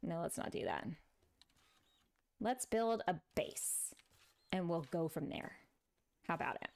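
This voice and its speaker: Her voice is lowish, creaky and somewhat dark, expressive and unhurried. She's a middle-aged Texan with a Texan accent, laughing frequently and chatting casually with her live chat while she plays a building game on stream.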